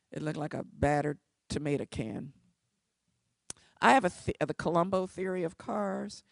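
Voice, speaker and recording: A woman speaks to a live audience, spinning a story with wry, lively humor. Her voice has a gravelly edge, and the sound is close and dry. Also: on the low side, no room sound. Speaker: civil rights lawyer.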